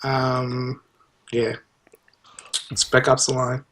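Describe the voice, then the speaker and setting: A man's voice: medium pitch, completely flat delivery, extremely slow, fairly bright tone, a little hiss or hum. A man on a gaming podcast, talking in a rambling, hesitant way and restarting his sentences. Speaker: podcast co-host. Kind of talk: casual gaming chat.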